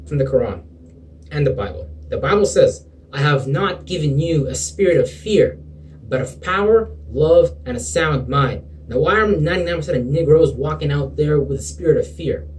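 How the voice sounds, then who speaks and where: A man's voice: fairly high pitch, lively intonation, moderate pace, darkish tone, distant mic, low-quality recording. A man giving an impassioned spiritual pep talk to camera, preachy and sometimes sarcastic, calling the listener bro and man. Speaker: motivational video preacher.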